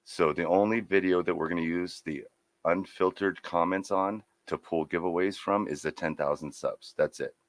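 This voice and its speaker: A man's voice: low voice, steady tone, moderate pace. A man co-hosting a casual livestream chat over a video call, teasing at times and businesslike when he sets out the rules. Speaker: co-host.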